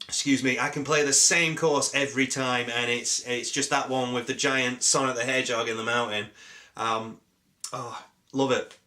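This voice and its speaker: Bright-voiced British man with a cold. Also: mid-range voice. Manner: jokey, deadpan, full of ums and asides. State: sore throat and a cold. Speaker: YouTuber answering viewer questions. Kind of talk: rambling casual Q&A.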